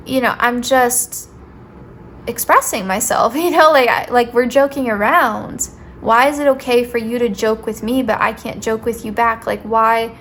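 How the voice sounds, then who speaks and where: A woman's voice: on the high side, fairly bright tone, a little hiss or hum. A young woman with a sweet voice giving a casual, playful tarot reading, talking directly to her viewers and saying "like" often. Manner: chatty, playful, says "like" often. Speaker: tarot reader.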